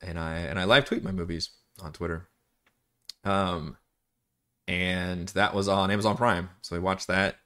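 A man's voice: deep voice, level tone, measured pace, a bit bright. A man acting as dungeon master, chatting casually and rambling during live-streamed game prep, often laughing and swearing.

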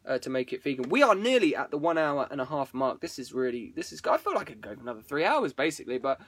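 A man's voice: medium pitch, big pitch swings, fast talker, a bit bright, breathy edge, no room sound. A man hosting a live stream, rambling casually to viewers, swearing freely and breaking off his own sentences. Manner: rambling, sweary, self-interrupting.

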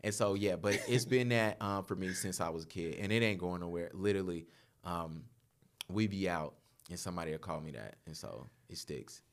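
A man in his thirties, a podcast guest, telling laughing, animated stories in casual chat. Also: deep voice, moderate pace. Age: 30s.

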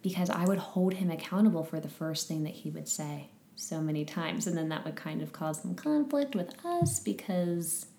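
A woman chatting casually and telling a story with lively energy, laughing often. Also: on the low side, normal speed, gravelly, few pauses, echoey room. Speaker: podcast guest sharing a conference experience. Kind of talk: casual chat.

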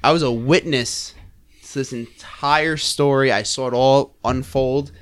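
A man co-hosting a podcast, stammering in a mock-formal, animated way. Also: mid-range voice, unhurried, smooth. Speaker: podcast co-host. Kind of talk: casual podcast banter.

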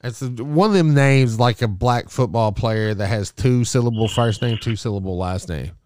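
A man's voice: medium pitch, moderate pace, a little mellow, dry recording, studio quality. A man in casual chat, laid-back and profane, laughing often.

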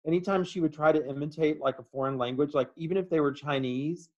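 A man's voice: fairly high pitch, fast talker, highs cut off. A man co-hosting a podcast, chatting casually and playfully, joking around. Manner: playful, jokey, slips into goofy impressions. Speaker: podcast co-host. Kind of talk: casual comedic chat.

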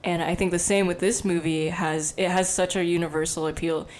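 A woman's voice: on the low side, little pitch movement, fairly quick, a little mellow. A young woman co-hosting a casual podcast chat, talking freely with lots of fillers and frequent laughter. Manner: chatty, many fillers, laughs often. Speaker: podcast co-host.

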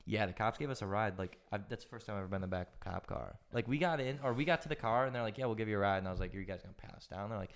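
A young man in casual conversation, racing through an animated, profanity-laced story packed with "like" fillers. His voice sits somewhat low and the words tumble out fast.

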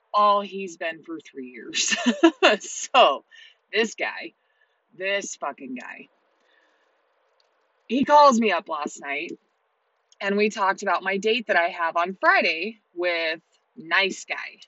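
A woman in her thirties, a single mother, telling a story to camera in a blunt, heavily profane and animated way. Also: medium pitch, dry recording, highs cut off. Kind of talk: casual monologue to camera.

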